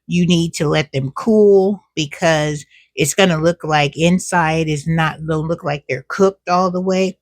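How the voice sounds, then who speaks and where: A woman's voice: low voice, no room sound, studio quality. A woman chatting casually to camera at home as a cooking and gardening vlogger, drawing out her words and calling viewers "child" and "y'all".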